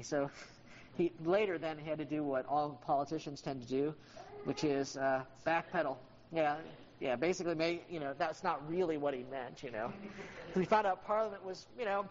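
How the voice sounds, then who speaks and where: A teacher lecturing on history in a classroom, loose and conversational, full of ums and uhs, now and then speaking to a student by name. The voice sits at a middling pitch. The recording is dull and lo-fi, with a faint hiss behind it. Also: brisk.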